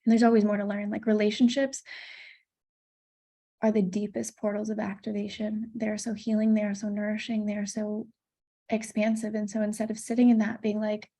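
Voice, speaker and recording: A woman's voice: medium pitch, monotone, normal speed, mellow. A woman in her thirties teaching a course module on attachment, talking candidly and swearing casually. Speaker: coach.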